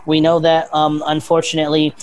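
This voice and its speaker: Relaxed, casual podcast guest. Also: mid-range voice, fairly quick, slight background noise. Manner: casual, relaxed, swears, laughs often.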